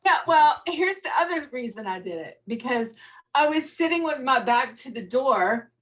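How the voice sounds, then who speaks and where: A woman's voice: high voice, expressive, normal speed, fairly bright tone, far from the mic, poor audio. A woman hosting a casual live video chat, rambling and swearing freely as she talks. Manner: chatty, rambling, swears freely, laughs often. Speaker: host.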